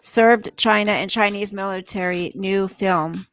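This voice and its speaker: A woman's voice: mid-range voice, steady tone, measured pace, dry recording. Woman, livestream host, indignant rant, frequent swearing, reads news aloud, dry close sound. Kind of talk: casual livestream commentary.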